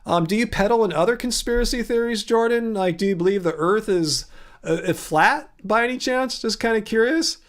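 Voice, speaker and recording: Sarcastic, high-voiced livestream host. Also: male voice, fairly quick. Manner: sarcastic and incredulous, rambling with many fillers. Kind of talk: casual livestream chat responding to comments.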